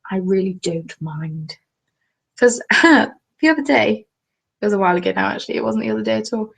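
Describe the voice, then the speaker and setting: Young southern English woman, mid-pitched with vocal fry; chatty, jokey home live-stream host on a webcam. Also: brisk, rough recording. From England. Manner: chatty, jokey, reads viewer comments aloud. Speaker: craft vlogger. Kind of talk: casual live-stream chat. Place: at home, seated.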